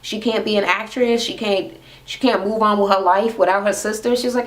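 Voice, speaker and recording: A woman's voice: mid-range voice, a little fast. A young woman ranting casually and sassily as she recaps a reality TV episode, with plenty of swearing. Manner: sassy, profane, animated. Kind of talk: casual rant.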